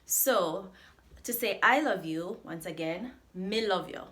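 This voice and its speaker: A woman with a Jamaican accent, teaching beginners straight to camera. Her delivery is clear and deliberate, with each phrase repeated slowly so learners can follow. Her voice sits at an ordinary middle pitch for a woman. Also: bright, forceful tone. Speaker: patois teacher. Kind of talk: scripted language lesson to camera.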